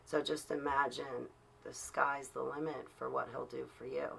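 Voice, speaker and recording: Low gravelly woman rambling and preaching to her stream chat, earnest and heated. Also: flat delivery, moderate pace, a bit bright, slight background noise. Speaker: livestreaming vlogger. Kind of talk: casual livestream preaching.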